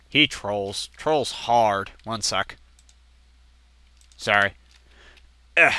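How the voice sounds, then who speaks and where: A man of twenty doing casual let's-play gameplay commentary, chatting and telling family stories in which he acts out quoted relatives with sudden jumps in pitch. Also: very slow, pauses often, sharp tone, clear, resonant tone, no echo. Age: 20s.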